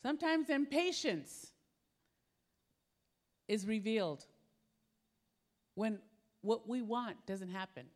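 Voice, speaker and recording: High-voiced woman preaching with animated storytelling. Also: takes it slowly, long pauses. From Philippines. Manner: animated storytelling, acting out her own panic. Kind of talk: sermon.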